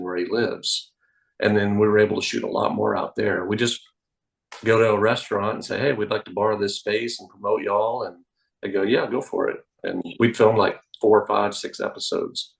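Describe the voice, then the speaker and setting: A man, a magician guest telling animated anecdotes on a podcast. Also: on the low side, creaky, rough recording. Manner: animated anecdotes, acts out quoted voices. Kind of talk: casual interview storytelling. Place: podcast studio.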